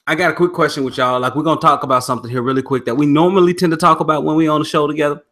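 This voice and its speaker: A man hosting a podcast in casual chat, relaxed and steering the talk between topics. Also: on the high side, racing. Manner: relaxed, steers the conversation, reads chat aloud. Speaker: podcast host.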